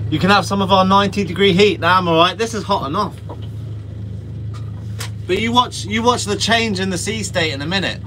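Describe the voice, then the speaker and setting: A man's voice: high voice, fairly quick, pauses often, sharp tone, slight background noise. A man hosting a fishing livestream, chatting casually with viewers outdoors on a small boat. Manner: chatty, reads out viewer comments, friendly slang. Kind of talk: casual live-stream chat with viewers. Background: boat engine and water.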